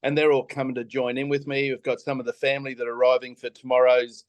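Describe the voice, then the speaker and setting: An Australian man, a former baking show contestant, chatting as a podcast guest; a lively storyteller who laughs often and swears casually. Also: medium pitch, quick pace, dry recording.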